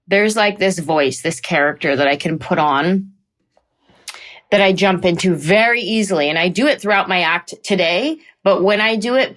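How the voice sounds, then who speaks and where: A woman comedian talking in an interview, animated and slipping into playful put-on voices. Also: lowish voice. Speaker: comedian guest. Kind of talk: conversational interview.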